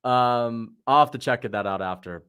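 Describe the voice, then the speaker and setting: A man's voice: mid-range voice, moderate pace, fairly bright tone, smooth. A man hosting a casual watch-along livestream, chatting in a slangy way and answering viewers' questions. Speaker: livestream host.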